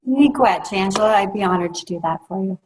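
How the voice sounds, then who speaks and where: A woman's voice: medium pitch, a little fast, darkish tone, slightly rough, recorded from a distance, poor audio. A woman facilitator introducing a children's hello song on a video call, in a cheerful sing-song way.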